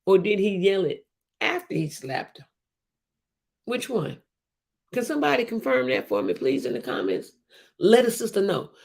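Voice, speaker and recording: A woman's voice: medium pitch, very animated, moderate pace, vocal fry, pauses often, a little mellow. A woman hosting a casual livestream, talking emphatically with many restarts and repetitions and reading out viewer comments. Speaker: host of a livestream show.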